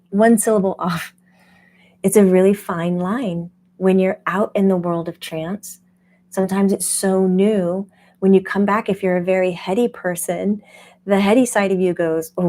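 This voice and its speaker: A woman who hosts a spiritual channel as a medium, teaching casually in an animated way and laughing often. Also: medium pitch. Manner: animated, laughs often, acts out quoted voices.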